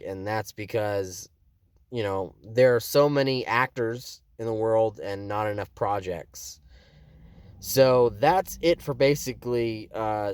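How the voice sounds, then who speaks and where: A man's voice: medium pitch, clear, resonant tone, no room sound, clean studio sound. A young man, an actor, casually explaining things in a vlog, rambling with many fillers and restarts. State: has the hiccups. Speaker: actor and video maker.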